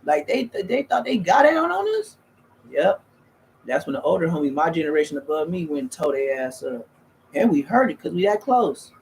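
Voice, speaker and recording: A man's voice: a little high, big pitch swings, moderate pace, vocal fry, a little hiss or hum. A man, telling rambling, slangy, profane stories as a streamer in casual chat. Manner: profane, slangy, loose and restarting.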